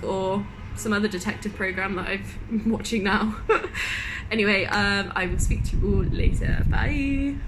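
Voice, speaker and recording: A woman's voice: medium pitch, background noise. A young woman from the UK, vlogging in a casual, chatty, self-mocking way, retelling her story with lots of laughter. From United Kingdom.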